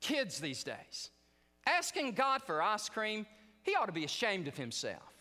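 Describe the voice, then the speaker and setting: A man voicing a disapproving woman diner who scolds in a slow, indignant tone, heard in a reverberant chapel. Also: sits high, wildly swooping pitch, bright, forceful tone, voice pushed up, full character voice. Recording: long reverb of a chapel hall.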